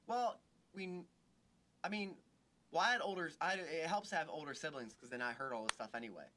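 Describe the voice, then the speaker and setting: A man's voice: a little high, fairly quick, pushed and bright. A man co-hosting a casual live podcast chat, rambling and searching for words with casual swearing. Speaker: podcast co-host.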